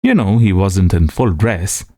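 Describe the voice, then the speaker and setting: A man's voice: deep voice, expressive, measured pace, dark tone, no room sound, clean studio sound. A man voicing a jovial young painter who talks in a hearty, amused, emphatic way.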